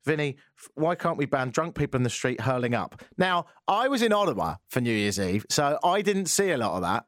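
A man's voice: medium pitch, very animated, brisk, fairly bright tone, dry recording. English guy on radio, jokey and chatty, voice jumps all over, dead dry studio sound. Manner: chatty, joking, rambling. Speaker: radio host. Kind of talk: casual radio chat.

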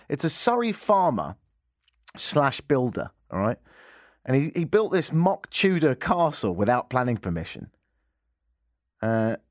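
A man's voice: mid-range voice, no room sound. A man with a Canadian accent hosting a talk radio show, mocking the news with dry humor. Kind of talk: sarcastic talk radio monologue. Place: radio studio.

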